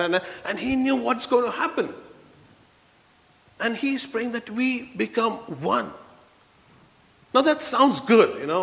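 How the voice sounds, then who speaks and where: A man preaches a sermon in a church. His voice is high and bright, and the room gives a long reverb. He is earnest and swings from hushed passages to forceful peaks. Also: animated, takes it slowly, gravelly, pauses often. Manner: earnest, swings from soft low passages to loud emphatic ones.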